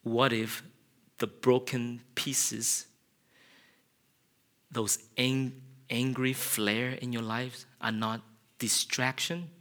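A man preaching an earnest, confessional sermon. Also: medium pitch. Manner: earnest, confessional, builds to loud passionate shouting. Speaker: pastor.

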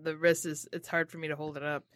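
A woman co-hosting a podcast, telling a story with animated, crude jokes. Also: deep voice, fast talker, dry recording, clean studio sound. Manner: animated, joking, crude humor. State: injured shoulder. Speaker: podcast co-host. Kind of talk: casual chat.

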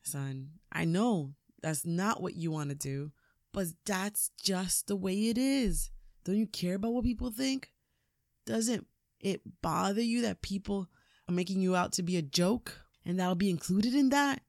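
A woman's voice: on the high side, expressive, measured pace, darkish tone, dry recording, studio quality, pitched above the performer's own voice. A woman voicing a resentful young man, a grown son pleading and accusing in a retold film scene. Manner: pleading, rising to accusing outbursts.

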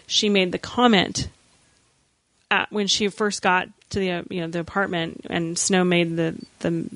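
A woman's voice: fairly low pitch, measured pace, no room sound. Woman podcast cohost, chatty, acts out the quotes, dry close mic. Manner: animated, acts out quoted lines, many restarts. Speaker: podcast co-host. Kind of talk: casual chat recapping a TV episode.

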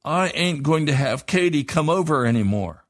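A man's voice: fairly high pitch, lively intonation, moderate pace, no echo, studio quality, voice pushed up. A man voicing an indignant young schoolboy who insists a girl stole from him. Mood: accusing. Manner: insistent, whining.

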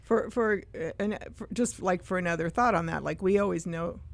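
A middle-aged woman guesting on a radio show in a studio, talking about her small business in a relaxed, agreeable way. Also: fairly low pitch, normal speed, vocal fry, dry recording.

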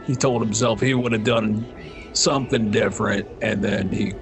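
A man's voice: on the low side, fairly even intonation, moderate pace, over music. A man co-hosting a casual movie commentary, making dry, sarcastic jokes. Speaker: podcast co-host.

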